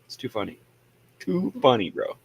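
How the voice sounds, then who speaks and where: A man's voice: mid-range voice, sing-song, moderate pace, a little hiss or hum. A man co-hosting a casual stream, joking around and swearing freely. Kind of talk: casual chat.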